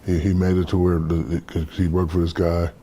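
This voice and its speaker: Big deep gravelly guy, dark mellow voice, laid-back storyteller, bit of hiss behind. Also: a little fast. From United States. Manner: relaxed storyteller, acts out quoted dialogue. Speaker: interview guest. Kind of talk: casual storytelling in an interview.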